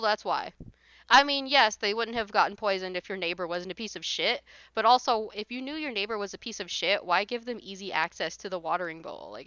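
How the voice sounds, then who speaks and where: A woman's voice: medium pitch, bright, forceful tone, clear, resonant tone, no echo, dull audio. A woman livestreamer chatting casually while gaming, ranting in an exasperated, blunt way and swearing.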